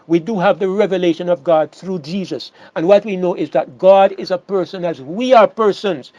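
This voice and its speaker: A man delivers a sermon in a high voice, stressing key words and circling back over his phrases. The sound is dry and a little muffled. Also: no room sound. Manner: emphatic, repeats words and restarts phrases. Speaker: preacher.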